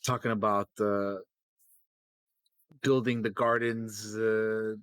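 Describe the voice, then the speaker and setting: A man's voice: fairly low pitch, level tone, slow, a bit bright, clean tone, no echo. A man co-hosting a podcast, casually recapping comics with lots of fillers and swearing, acting out quoted lines. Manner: rambling, profane, many fillers, acts out quotes. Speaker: podcast co-host.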